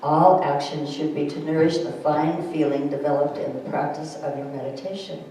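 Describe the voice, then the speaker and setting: Woman, gentle chatty speaker, spiritual talk to a group, laughs easily, very echoey room, distant mic. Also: deep voice, little pitch movement, moderate pace, a little hiss or hum. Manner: gentle and chatty, laughs often at her own stories. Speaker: speaker giving a spiritual thought. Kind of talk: informal talk to a group, reading a quote aloud. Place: room with a small audience. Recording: echoey room recorded from far off.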